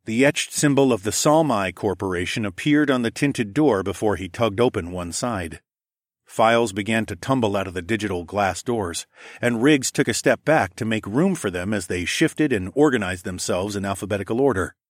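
A man's voice: fairly low pitch, moderate pace, no echo. A man narrating a first-person audiobook in a wry, dry manner with muttered asides.

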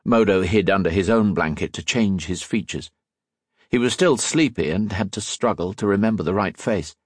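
A man narrating an audiobook in an expressive storytelling manner. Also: low voice, moderate pace, slightly rough, dry recording, clean studio sound. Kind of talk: scripted narration.

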